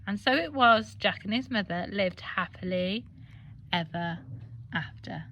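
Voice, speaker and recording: An English woman teacher reading a children's storybook aloud with expressive, animated delivery. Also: medium pitch, measured pace, lo-fi sound, slight background noise.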